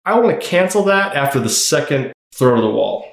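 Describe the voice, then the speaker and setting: A man co-hosting a podcast in casual, unscripted chat, playful with quick asides and animated emphasis. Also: mid-range voice, gravelly, roomy sound. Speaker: podcast co-host.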